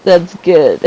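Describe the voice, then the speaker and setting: A man's voice: fairly high pitch, warm tone, rough recording. A man giving casual, jokey commentary over his own gameplay, chuckling often and talking back to the game. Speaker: gamer narrating his play.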